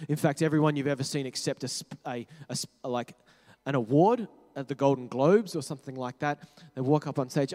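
A man preaching a sermon, talking conversationally, correcting himself and dropping to quiet low tones for emphasis. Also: brisk. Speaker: pastor. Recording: long hall reverb.

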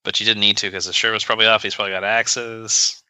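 A man's voice: on the low side, flat delivery, quick pace, pushed and bright, clear, resonant tone, no room sound. A man co-hosting a podcast, talking in a casual, joking and sarcastic way, rambling with many fillers. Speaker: podcast co-host. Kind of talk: casual chat. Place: podcast recording session.

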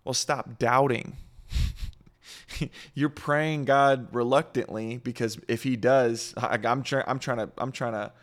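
Guy hosting a faith podcast, gravelly voice, rambly, lots of likes and ums. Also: medium pitch. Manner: rambling, heavy on fillers, earnest. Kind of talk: casual faith talk.

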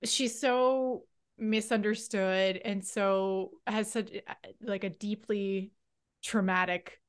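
A woman's voice: medium pitch, fairly even intonation, takes it slowly, clear, resonant tone. A woman co-hosting a podcast in casual chat, earnest and thoughtful, with some restarts. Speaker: podcast co-host.

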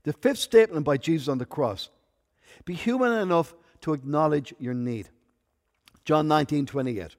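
A man delivers a sermon as pastor, his voice sitting a little high for a man. He drops to soft, intimate asides and then builds to loud, emphatic peaks. The sound carries a long hall reverb. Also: animated, normal speed.

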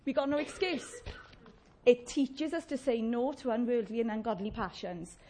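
A woman preaching a sermon, chatty and warm-humoured, often asking the congregation questions and laughing. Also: a little high, moderate pace, slight background noise.

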